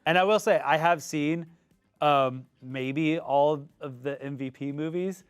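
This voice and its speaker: A man's voice: a little high, unhurried, smooth, dry recording, clean studio sound. A man co-hosting a casual movie-review chat, talking loosely with frequent fillers and laughs. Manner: chatty, laughs often, uses lots of fillers. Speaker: podcast co-host.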